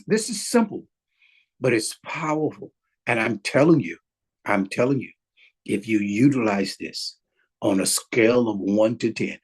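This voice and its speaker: A male relationship coach leads a webinar lesson in a husky voice. He talks in a loose, conversational way, circling back over his words and slipping into quick example dialogue to make his points. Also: mid-range voice, darkish tone, low-quality recording. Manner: conversational, repeats and restarts phrases, acts out example dialogue. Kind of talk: webinar teaching session.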